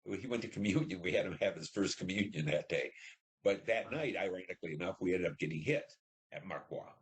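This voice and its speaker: A man's voice: low-pitched, fairly quick. An older man telling a personal war story in an interview, rambling with many "you know"s and acting out what people said. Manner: rambling, frequent "you know", acts out dialogue. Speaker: interviewee, veteran.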